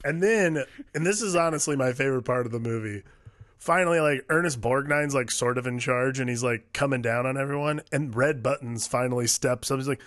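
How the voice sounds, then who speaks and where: A man's voice: mid-range voice, fairly quick, fairly bright tone, dry recording, studio quality. A man co-hosting a casual film discussion, rambling and profane, with many filler words. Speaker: podcast co-host.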